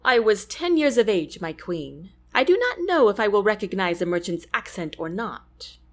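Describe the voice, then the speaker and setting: A woman's voice: mid-range voice, sing-song, moderate pace. A woman voicing a nervous, shy young nobleman who talks hesitantly.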